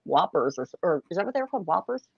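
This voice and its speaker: Fast gravelly voice on a muffled line. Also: medium pitch, very animated, no echo. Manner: quick, snacking while talking. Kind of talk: casual stream chat.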